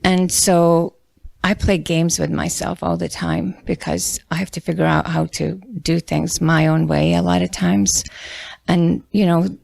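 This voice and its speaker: A woman in the audience voices her view in a hesitant, searching way. She speaks slowly in a somewhat low voice with plenty of vocal fry. The sound is dry. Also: level tone, darkish tone, dry recording. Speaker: audience member. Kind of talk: casual remark in a discussion.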